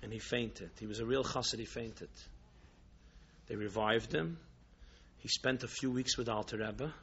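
A man's voice: medium pitch, moderate pace, a bit bright, breathy edge, muffled recording. A man, a Jewish religious teacher, giving a sermon with a story, impassioned and full of rhetorical questions.

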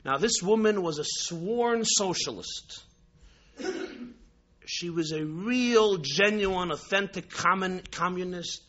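A man from New York, a rabbi, telling a story in a sermon, animated and repetitive with frequent restarts. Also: sits high, slow pace, dull audio.

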